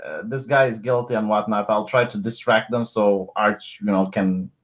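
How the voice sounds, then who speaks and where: A man's voice: lowish voice, fairly even intonation, normal speed. A man playing a tabletop game, hesitant and stammering. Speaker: player. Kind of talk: casual tabletop play.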